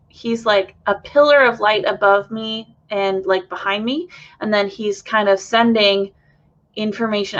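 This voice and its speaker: A woman's voice: mid-range voice, a bit bright, highs cut off. A woman leading a live channeling session, earnest and effusive, with many fillers and sighs. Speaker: spiritual channeler.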